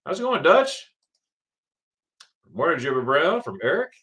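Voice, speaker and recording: A man's voice: a little high, sing-song, unhurried. Chatty man hosting a morning livestream. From Florida, USA. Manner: rambling, repeats words, greets chatters warmly by name. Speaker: livestream host. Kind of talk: casual livestream chat.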